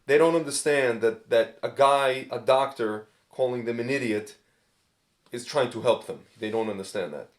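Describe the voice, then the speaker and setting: A man talks with a co-host in a relaxed chat and keeps pressing his point. He repeats himself for emphasis, and his pitch stays in a middle range. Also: normal speed. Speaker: podcast co-host. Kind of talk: casual chat.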